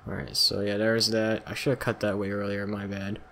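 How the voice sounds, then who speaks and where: A man's voice: lowish voice, level tone, fairly quick, vocal fry, pushed and bright, a little hiss or hum. A man casually commentating a video game let's play, rambling and self-deprecating, swearing now and then, a little yawny. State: yawning, tired. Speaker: gameplay commentator.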